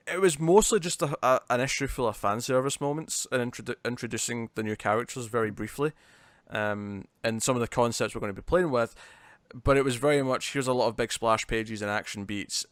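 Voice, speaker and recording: A man's voice: mid-range voice, a bit bright, no echo. A man co-hosting a podcast, chatting casually and rambling with frequent fillers and restarts. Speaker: podcast co-host. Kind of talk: casual chat.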